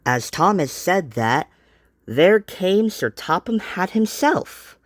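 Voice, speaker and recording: Amateur male storyteller; slow, lively intonation. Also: high voice, no room sound, studio quality. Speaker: narrator.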